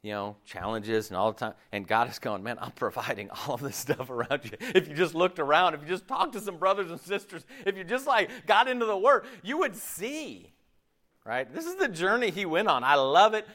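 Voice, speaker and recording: A man preaching a sermon in an animated way, checking in with his listeners often. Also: on the high side, moderate pace. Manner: animated, acts out quoted voices, checks in with "right?" and "okay?".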